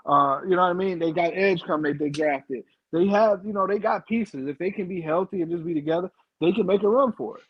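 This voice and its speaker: A man's voice: high voice, husky, no room sound. A man on a sports podcast panel laying out his argument insistently in casual banter. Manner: fast, insistent reasoning. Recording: dull mic with faint noise.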